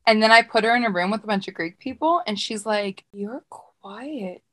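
A woman's voice: medium pitch, quick pace, fairly bright tone. A woman from the United States co-hosting a podcast, talking enthusiastically and often repeating words. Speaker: podcast co-host. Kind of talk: casual chat.

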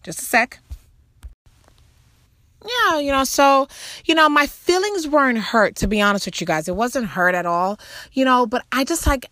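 A woman, a mother, talking casually about faith and trust, telling a rambling personal story full of "you know" asides and animated jumps in her voice. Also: high voice, normal speed, long pauses, dry recording. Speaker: mother sharing a faith talk.

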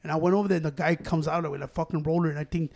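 A man telling a story in casual chat, profane and animated, with slangy asides. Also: fairly high pitch, racing, creaky.

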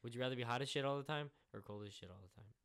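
A man's voice: mid-range voice, very fast, a bit bright. A young man in casual chat, joking crudely and swearing a lot.

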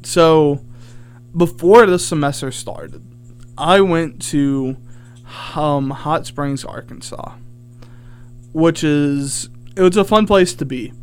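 Animated young man telling a story. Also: a little high, slow pace, clear, resonant tone. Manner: animated, rambling with many fillers. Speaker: radio show host. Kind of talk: casual storytelling chat.

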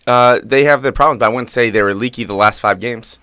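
A man's voice: mid-range voice, fast talker, bright, forceful tone, clean tone, no echo. A man co-hosting a casual soccer podcast, joking and talking through a meal at a desk mic. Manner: joking, talks while eating. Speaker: podcast co-host.

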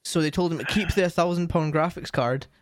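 Clean, dry studio sound carries a young streamer and co-host whose voice is a little high and a little fast. He talks casually, rambling along with lots of fillers and false starts.

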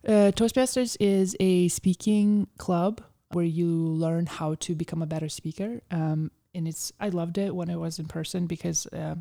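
Low gravelly-voiced woman guest. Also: warm tone. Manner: chatty storyteller, heavy use of "like". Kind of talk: casual interview conversation.

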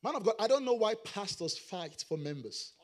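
A middle-aged male pastor preaching a sermon, rising into shouted, sing-song emphasis. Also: sits high, big pitch swings, normal speed.

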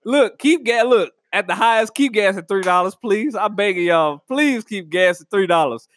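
A man riffing through a casual comedic monologue, animated and rambling, laughing at his own jokes. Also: high voice, normal speed, dry recording. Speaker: comedic vlogger.

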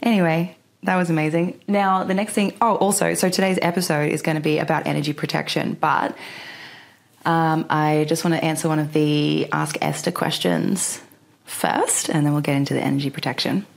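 A woman's voice: deep voice, moderate pace, vocal fry. A young woman hosting a podcast from her bedroom floor, chatting casually with lots of fillers and giggles. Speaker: podcast host. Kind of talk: casual chat.

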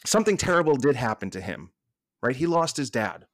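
A man with a Boston accent, a podcast guest talking with passion and many quick restarts. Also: mid-range voice, very animated, no room sound, clean studio sound. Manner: passionate, fast restarts and repeated words. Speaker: podcast guest, staff writer. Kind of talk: casual podcast chat.

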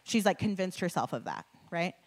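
Woman, preacher, sermon with storytelling, chatty, laughs a lot, lively swinging pitch. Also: a little fast. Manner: animated and conversational, filler-heavy, laughs often. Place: before a live audience with slides.

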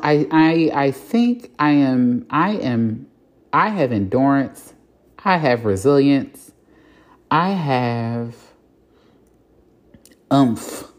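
A woman's voice: extremely low pitch, animated, drawn-out words, long pauses. A woman hosting a solo podcast, talking frankly and reflectively with casual swearing and plenty of fillers. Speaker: podcast host. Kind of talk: candid solo podcast monologue.

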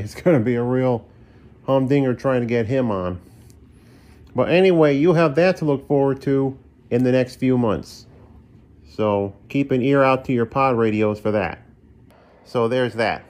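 A man's voice: medium pitch, a little mellow. Guy doing his podcast from the living room, folksy and joking about himself, regular middle voice. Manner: folksy, self-deprecating, chatty. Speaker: podcast host. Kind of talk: casual solo podcast monologue.

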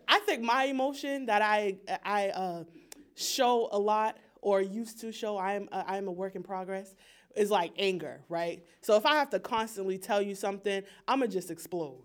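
A man's voice: high-pitched, expressive, moderate pace. A young man speaking in a casual group discussion, emphatic and slangy, sharing his view animatedly.

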